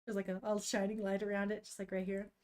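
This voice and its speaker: A woman's voice: mid-range voice, little pitch movement, fast, a little mellow. A woman streaming as she reads manga, chatting casually and animatedly, swearing freely and thinking aloud. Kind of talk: casual chat.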